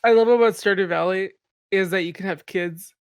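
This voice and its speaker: A man's voice: high voice, brisk, clean tone, no room sound, clean studio sound. A man chatting easily on a podcast panel, laughing often. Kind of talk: casual chat.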